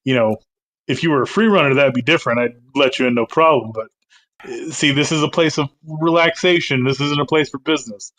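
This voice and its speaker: A man's voice: medium pitch, fairly quick, a bit bright, close to an everyday voice, low-quality recording. A man doing a curt halfling doorman. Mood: dismissive. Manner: curt, brushing people off. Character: grumpy male halfling doorman, dismissive.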